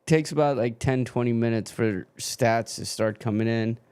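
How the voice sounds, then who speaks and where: A man's voice: medium pitch, normal speed, a little mellow, clean tone. A man hosting a live football watchalong stream, swearing and grumbling as his stream keeps freezing.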